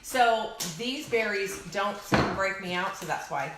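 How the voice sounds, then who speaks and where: A woman chats through a live cooking stream in a home kitchen, speaking straight to her viewers. Her voice sits at an ordinary pitch. It rings in an echoey room over a steady layer of noise. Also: a little slow. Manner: chatty, addresses viewers directly. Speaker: co-host of a cooking livestream. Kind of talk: casual live cooking chat.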